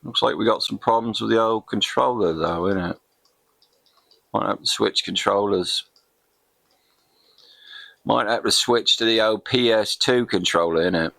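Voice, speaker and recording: A man's voice: fairly low pitch, expressive, takes it slowly, long pauses, a bit bright, dry recording. A man putting on an overdone mock English accent as a jolly old English bloke, tagging "innit" onto his lines while commenting on a game. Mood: chirpy. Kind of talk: gaming commentary in a put-on voice.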